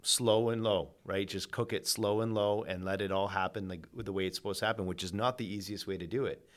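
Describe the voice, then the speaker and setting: A man speaks with a fairly low voice as a podcast guest. He talks earnestly and reflectively in a relaxed conversation, often doubling back on his words. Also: brisk. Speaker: podcast guest, mortgage agent.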